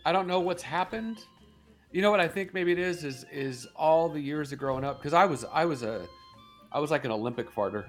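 A man's voice: a little high, expressive, brisk, faint music behind. Rambling middle-aged man telling stories. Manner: rambling storyteller, laughs often, acts out voices. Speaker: morning show co-host. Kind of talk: casual comedic chat.

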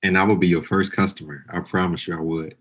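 A man with a very low, deep voice who hosts a podcast and keeps the talk casual. He speaks earnestly and emphatically, with a playful edge. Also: fairly even intonation, quick pace, a bit bright, husky. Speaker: podcast host. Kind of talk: casual chat.

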